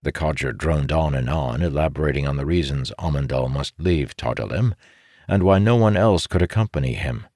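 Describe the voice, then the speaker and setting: A man narrating a fantasy story in a measured, steady way. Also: very deep voice, no echo, studio quality. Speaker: audiobook narrator. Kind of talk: scripted narration.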